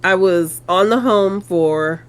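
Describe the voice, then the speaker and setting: A woman co-hosting a casual review podcast, thinking things through aloud in an unhurried way. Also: fairly low pitch, clean tone. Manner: unhurried, thoughtful, trails off while recalling. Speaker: podcast co-host. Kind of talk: casual chat.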